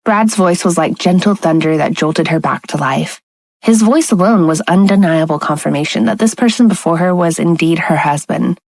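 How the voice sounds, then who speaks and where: Woman narrating a romance audiobook, low-voiced. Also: normal speed, vocal fry, darkish tone, no echo, rough recording. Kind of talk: scripted narration.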